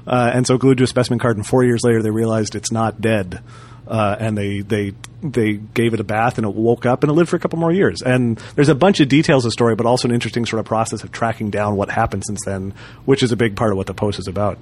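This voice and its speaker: A man's voice: fairly low pitch, steady tone, fast, darkish tone. A man co-hosting a podcast, chatting casually with lots of fillers and restarts. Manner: rambling, many fillers and restarts. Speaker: podcast co-host. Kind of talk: casual chat.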